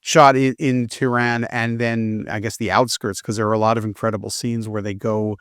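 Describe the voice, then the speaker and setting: A man's voice: lowish voice, level tone, normal speed, fairly bright tone, clear, resonant tone, no echo, studio quality. A man, a film reviewer, chatting casually on a podcast and acting out characters' lines as he retells a plot.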